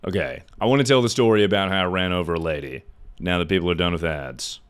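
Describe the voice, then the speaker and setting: A man in his twenties with a deep voice, a streamer rambling through stories in casual chat, swearing and laughing at himself. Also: quick pace, clear, resonant tone. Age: 20s. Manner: rambling, profane storyteller who laughs at his own stories.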